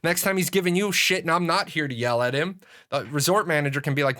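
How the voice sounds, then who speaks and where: A middle-aged man telling a story on a livestream in a casual, profane and animated way, with frequent restarts. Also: a little high, quick pace. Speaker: streamer.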